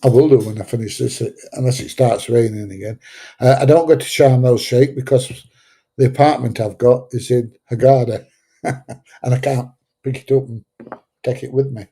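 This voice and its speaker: A Sheffield man in his seventies hosts a livestream, reading out viewer comments in a rambling, chatty, blunt way and dropping into mild swearing. His husky, dark-toned voice is medium-pitched, with fairly even intonation and a moderate pace.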